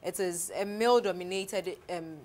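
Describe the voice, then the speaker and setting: A woman's voice: fairly low pitch, moderate pace, darkish tone. An upbeat woman hosts a casual interview. She exclaims often and piles one question onto the next. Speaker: show host interviewing a rapper.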